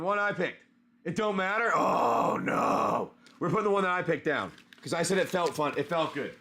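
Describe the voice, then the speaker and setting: Chatty male card-stream host, higher voice. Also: expressive, normal speed, creaky, pushed and bright. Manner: chatty, greets viewers by name, many fillers. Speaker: live stream host opening card packs. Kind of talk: casual live stream chat.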